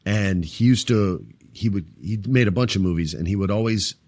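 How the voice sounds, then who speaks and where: A middle-aged man hosting a casual wrestling podcast, telling stories with lively acted-out voices. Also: on the low side, normal speed, no echo. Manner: animated storyteller, acts out quoted voices. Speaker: podcast host.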